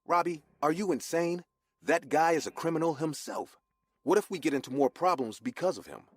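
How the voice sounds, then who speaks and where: A man voicing a frightened ten-year-old boy in a told horror story, pleading in a high, shrill, panicked tone. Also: normal speed, lightly acted.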